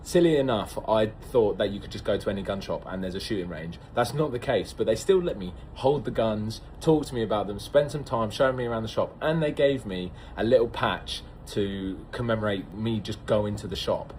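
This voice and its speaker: A man's voice: on the low side, animated, fairly quick, few pauses, a little mellow, slight background noise, poor audio. Amazed British man telling travel stories. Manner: enthusiastic, amazed storytelling. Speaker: visitor. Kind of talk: casual travel vlog.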